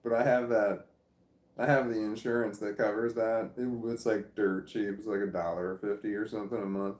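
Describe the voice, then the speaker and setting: At a normal speed, a Midwestern American man with a fairly low, slightly mellow voice vlogs in a wandering, self-mocking way and keeps losing his train of thought. The audio is reverberant, from a phone or camera nearby.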